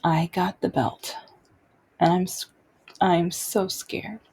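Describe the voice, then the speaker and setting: A woman hosting her own show, talking openly and unscripted about personal experiences, halting and restarting as she goes. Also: on the low side, fairly even intonation, a little mellow, slightly rough. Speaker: podcast host sharing personal stories.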